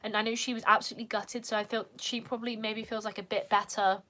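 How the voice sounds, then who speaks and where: A woman's voice: on the high side, level tone, quick pace, pushed and bright. A young British woman chatting casually as a vlogger, talking in a rambling way and saying "like" a lot. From United Kingdom. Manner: chatty, peppered with "like". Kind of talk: casual chat.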